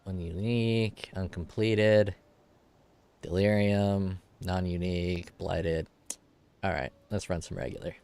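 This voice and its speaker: A man's voice: sits low, fairly even intonation, takes it slowly, vocal fry, a little mellow, clean tone. A man in his forties, stuffed up and nasal, chatting casually and edgily while streaming a game, swearing now and then. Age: 40s. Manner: youthful, edgy, swears casually. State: congested nose.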